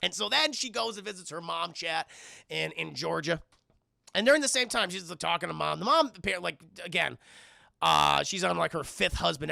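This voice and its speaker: A man's voice: a little high, expressive, fairly quick, vocal fry, sharp tone, dry recording, clean studio sound. A man streaming a casual, profane spoiler recap of a film and rambling to his live chat.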